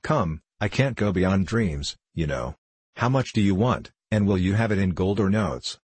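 A gruff, grumbling old sand fairy from a storybook, deep and husky, as a man reads him aloud. He mutters his lines in a dry, close, offhand way. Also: expressive, moderate pace, a little mellow, no room sound. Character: grumpy old male sand fairy, furry and spidery.

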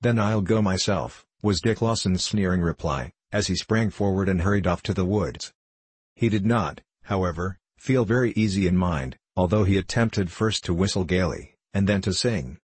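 A deep-voiced man narrates old moral tales in a measured, unhurried way. His voice has a husky grain. The recording is dry and close, with no room sound. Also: no echo. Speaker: audiobook reader.

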